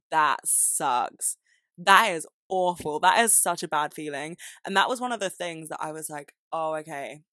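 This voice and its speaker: A young woman with a low-pitched voice hosts a casual solo podcast. She talks candidly and rambles, with self-deprecating asides and frequent laughter. The sound is dry and close, with no room echo. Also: sharp tone. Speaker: podcast host.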